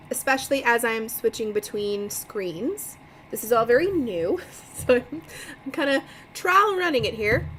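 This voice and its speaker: This livestream reader has a fairly high-pitched voice and works through a mystery novel in a relaxed, talkative way, frequently laughing and breaking off to remark on the story. A little hiss or hum runs through the rough audio.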